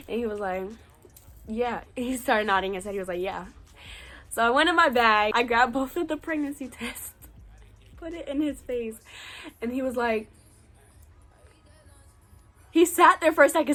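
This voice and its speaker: A young woman in her late teens recounts a personal story to her camera, slightly high-pitched and animated. She talks casually, leaning on "like" and acting out what people said. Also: moderate pace, pauses often. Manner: chatty, animated, lots of "like". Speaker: vlogger.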